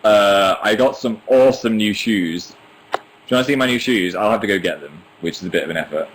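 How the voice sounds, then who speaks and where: A man's voice: fairly low pitch, fairly quick, a bit bright, a little hiss or hum, poor audio. A young British man hosting a casual livestream from home on a laptop microphone, reading viewer comments aloud and chatting in a self-mocking way. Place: indoors at home. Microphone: laptop webcam microphone.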